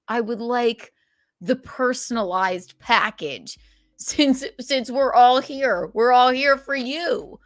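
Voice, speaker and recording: A woman hosting a comedy podcast, chatting in casual banter with mock indignation and quick acted-out quotes. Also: on the high side.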